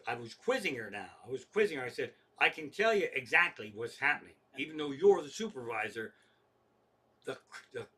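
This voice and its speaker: Stand-up comedian, man, bright higher voice, profane exasperated storyteller who acts out both ends of his phone calls.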